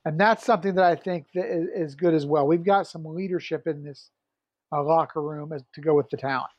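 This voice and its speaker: High-voiced excited podcast co-host. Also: male voice, fairly quick, no room sound, lo-fi sound. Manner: enthusiastic, filler-heavy. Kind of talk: casual sports chat.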